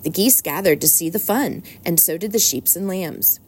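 A woman reading a children's storybook aloud at an unhurried, plain pace. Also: lowish voice, slight background noise.

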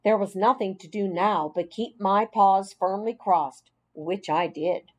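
A woman narrating a children's audiobook in a clear, expressive storytelling voice. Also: medium pitch, unhurried.

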